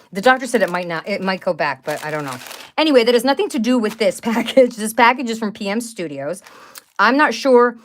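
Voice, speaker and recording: A middle-aged woman talks in a loose, rambling way on a live craft stream. Her pitch sits in the middle for a woman, and she often breaks into excited exclamations. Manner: chatty, rambling, exclaims over items. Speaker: craft channel host. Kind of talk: casual live-stream chat.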